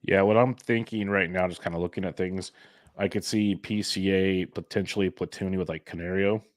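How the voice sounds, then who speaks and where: A man's voice: low voice, steady tone, fairly quick, no echo, clean studio sound. A man co-hosting a fantasy baseball podcast, talking casually and a bit sarcastically. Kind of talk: casual sports chat.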